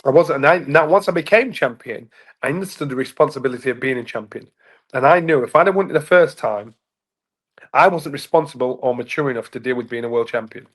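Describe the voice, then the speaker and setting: A man in his fifties, a former boxing champion from England, telling stories casually as an interview guest and acting out the voices in them. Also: quick pace. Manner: animated, acts out voices in anecdotes with rising pitch. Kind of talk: casual storytelling in a sit-down interview.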